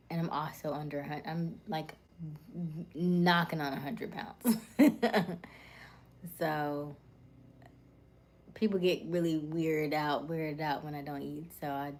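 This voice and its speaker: A woman hosting a casual live stream, chatting with viewers in a soft, soothing, warm and calm voice that often sinks to a near whisper. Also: low-pitched, slow pace, long pauses.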